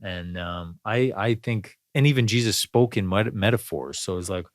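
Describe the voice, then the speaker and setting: A man with a lowish voice hosts a podcast at a moderate pace, rambling thoughtfully through a laid-back spiritual conversation with many fillers and restarts. The sound is clean studio audio with no room sound.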